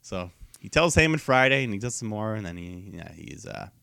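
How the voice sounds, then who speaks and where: A man's voice: fairly low pitch, sing-song, fairly quick, creaky, bright, forceful tone, clear, resonant tone, no echo, clean studio sound. A man co-hosting a podcast, recapping wrestling in a laid-back casual chat, laughing often and trailing off mid-sentence. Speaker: podcast co-host.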